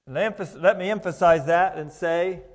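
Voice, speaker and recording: A man preaching a sermon, reading scripture aloud and repeating key words with deliberate emphasis. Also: high voice. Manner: slow, deliberate, emphatic repetition. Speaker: pastor. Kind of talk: King James scripture reading.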